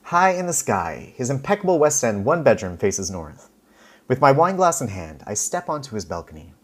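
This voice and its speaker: A man from Canada reading his own first-person story in an expressive, wry way, with dramatic pauses. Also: medium pitch, slightly rough.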